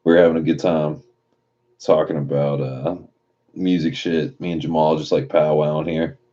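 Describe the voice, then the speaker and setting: A man's voice: rumbling low, flat delivery, moderate pace, dark tone, lo-fi sound. A man live streaming late at night in a casual, profane way, reading chat messages aloud and riffing on them.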